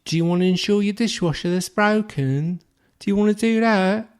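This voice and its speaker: Man doing a high, sugary English phone lady, patronizing, coos. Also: normal speed, smooth, close to an everyday voice. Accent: English, as put on. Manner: cooing, patronizing. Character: sugary-sweet condescending English call-center woman.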